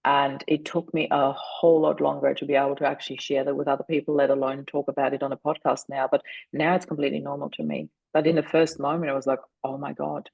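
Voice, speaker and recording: A woman talks as a podcast guest, earnest and reflective, stretching her words and stopping often to find them. Her voice is husky with a gravelly edge. The sound is dry and close. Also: very deep voice, fast talker, dry recording, dull audio. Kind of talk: reflective personal storytelling.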